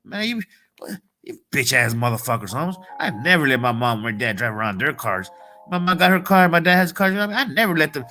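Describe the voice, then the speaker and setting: Man, bright forceful voice, profane motivational rant, faint music bed. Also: a little high, sing-song, fast talker. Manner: profane, heated, repetitive street slang. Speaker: motivational vlogger.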